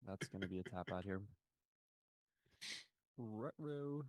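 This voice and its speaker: A man's voice: fairly low pitch, steady tone, brisk, no echo. A young man co-hosting a live trading stream, chatting laid-back and giving market commentary, often trailing off. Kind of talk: casual chat and market commentary.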